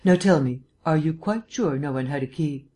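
An audiobook reader voicing an urbane, erudite gentleman detective who lectures in a polished, lightly teasing way. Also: medium pitch, normal speed, natural voice. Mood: probing. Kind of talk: audiobook reading.

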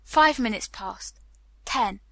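A woman reading a novel aloud as an audiobook narrator, in a measured style. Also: on the high side, expressive, creaky, bright, forceful tone, no room sound. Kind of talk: scripted narration.

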